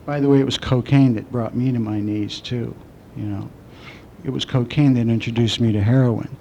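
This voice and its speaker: A middle-aged man speaking at a recovery meeting, telling his own story with candid, self-mocking dark humor. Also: medium pitch, fairly even intonation, moderate pace, creaky, a little hiss or hum. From southwestern United States. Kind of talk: personal recovery talk.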